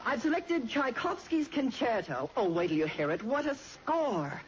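A man's voice: very high-pitched, very animated, normal speed. An actor playing a pompous, affected teenage boy violinist with a drawling manner in a 1940s radio sitcom. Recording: dull hissy old radio recording.

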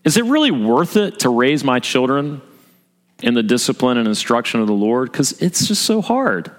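A man's voice: mid-range voice, sing-song, moderate pace. A man preaching a sermon to his congregation as pastor, earnest, asking rhetorical questions and repeating his key points. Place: church sanctuary. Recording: long reverb of a church hall.

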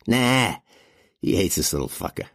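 Guy putting on a big mean thug, gravelly, barking threats. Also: fairly low pitch, expressive, normal speed, no room sound, studio quality, pitched above the performer's own voice. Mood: aggressive. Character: brutish hulking male security thug.

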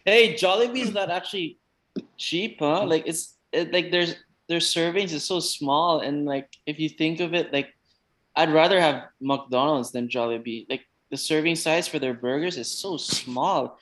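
A man chatting casually as a podcast guest, blunt in his opinions and quick to giggle. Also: fairly high pitch, fairly bright tone. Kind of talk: casual chat.

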